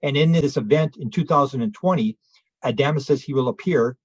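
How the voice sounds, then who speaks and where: Guesting on an interview show, this UFO researcher tells a long, energetic story, acting out the witnesses he quotes in raised voices. He is a man with a brisk, husky, medium-pitched voice, captured dry but with dull audio.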